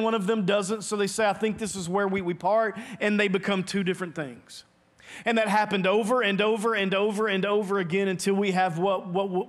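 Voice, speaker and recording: A male pastor with a notably high voice delivers an earnest sermon in a church sanctuary. He presses his points hard and often repeats a word as he restarts a phrase. His voice is carried by a mic for a livestream. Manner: earnest, emphatic preaching with quick repeated restarts.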